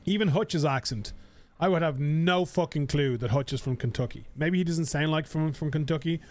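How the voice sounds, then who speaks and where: A young Irish man talks loosely to his stream chat as he plays, rambling and swearing offhandedly. His voice sits a little high for a man. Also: moderate pace, a little mellow. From Ireland. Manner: rambling, chatty, swears casually, frequent fillers. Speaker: game streamer. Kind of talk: casual live-stream chat while gaming.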